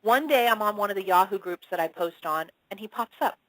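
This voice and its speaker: A woman, a spiritual channel, telling her story as an interview guest with animated delivery, swearing casually and acting out the dialogue. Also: a little fast, no room sound, poor audio. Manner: expressive, casual swearing, acts out dialogue with big pitch swings.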